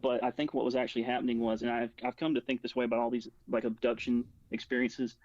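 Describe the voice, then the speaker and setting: A man's voice: mid-range voice, little pitch movement, fast talker, darkish tone, dry recording. A man tells a long personal story in a level, unvaried voice. He rambles, leans on "like" and keeps restarting his sentences. The recording is dry and a little dull. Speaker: guest recounting a personal experience. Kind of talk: casual spoken storytelling.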